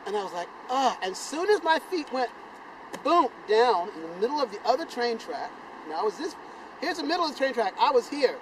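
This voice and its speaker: Older man from South Carolina telling an animated story. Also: brisk, a little hiss or hum, rough recording. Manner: animated, sound effects like boom and bam, acts out voices. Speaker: channel host telling a personal story. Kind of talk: casual storytelling to camera.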